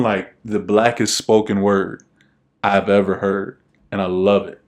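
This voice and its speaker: A man's voice: on the low side, level tone, moderate pace, darkish tone. A young man co-hosting a podcast in casual chat, laid-back and rambling with lots of fillers. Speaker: podcast co-host.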